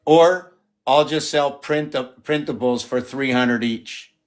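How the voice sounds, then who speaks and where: A man showing his paintings on a live stream, talking in a rambling, playful way and jumping from excited exclamations to muttering. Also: medium pitch, takes it slowly. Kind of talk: casual live-stream chat.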